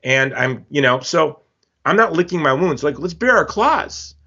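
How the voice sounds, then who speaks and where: A man's voice: on the high side, animated, moderate pace, sharp tone, dull audio. A man speaking as a guest in a podcast interview, telling stories with passion and emphatic repetition. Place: Hawaii.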